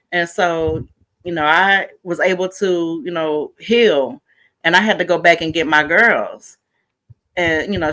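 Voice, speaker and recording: A woman's voice: lowish voice, fairly bright tone. A middle-aged woman from Houston, a mental health coach, talking earnestly and casually as a podcast guest with many fillers. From Houston, Texas. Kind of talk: casual interview talk.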